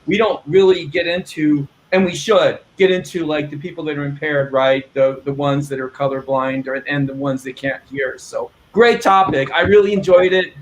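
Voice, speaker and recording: A man hosting an online tech conference, excitable and rambling, with lots of fillers between his words. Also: fairly high pitch, normal speed, few pauses, a little hiss or hum. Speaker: conference host. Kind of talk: casual live-stream hosting.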